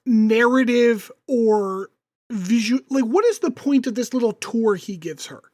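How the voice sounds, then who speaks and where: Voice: mid-range voice, lively intonation, measured pace, darkish tone. A podcast co-host chatting casually, sarcastic and profane about the episode. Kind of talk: casual chat.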